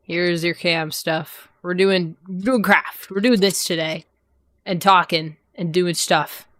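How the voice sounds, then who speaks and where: Talking slowly in a lowish, steady, fairly bright voice, a young woman streams while doing a craft, swearing and chatting casually with her chat. The studio sound is clean with no echo, though her desk mic loses her voice when she turns away.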